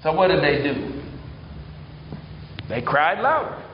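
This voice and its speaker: A man's voice: on the high side, slow pace, noisy background. Guy preaching, storytelling from scripture, long hall reverb, kinda dull lo-fi. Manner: animated storytelling, reading scripture aloud. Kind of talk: sermon. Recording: echoey hall, dull sound.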